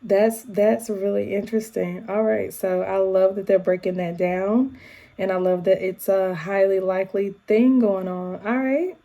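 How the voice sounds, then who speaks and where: This YouTube vlogger, a woman from the United States with an African American English accent and a mid-range voice, talks to her viewers in a casual vlog. Her delivery is animated, packed with quick asides and shout-outs.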